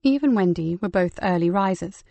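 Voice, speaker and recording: Female audiobook narrator, calm and even, gravelly voice, very dry close sound. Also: lowish voice, moderate pace, no echo, lo-fi sound. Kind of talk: scripted crime novel narration.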